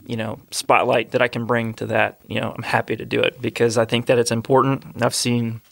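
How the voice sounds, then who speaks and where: A male host speaks with a flat, gravelly voice, sincere and hesitant. The sound is dry and close, with no room echo. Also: mid-range voice. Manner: sincere, halting with fillers and repeats. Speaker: podcast host. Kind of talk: casual interview chat.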